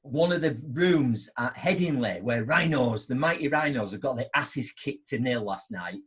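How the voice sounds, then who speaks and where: Speaking at a normal speed in an expressive mid-range voice with a breathy edge, a middle-aged motivational speaker shares stories over a video call. It's a live online show, and his chatty anecdotes are peppered with "right?"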